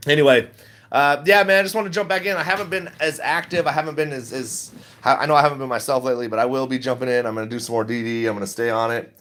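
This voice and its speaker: A man's voice: mid-range voice, fairly even intonation, fast, fairly bright tone. A middle-aged man chatting casually on a livestream, rambling and laid-back, laughing often as he talks. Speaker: stock vlogger.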